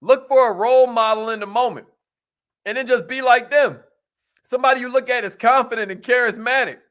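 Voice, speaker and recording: A man hosting a motivational talk, energetic and playful, with slangy banter aimed at a live audience. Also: extremely high pitch, a little fast. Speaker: motivational show host.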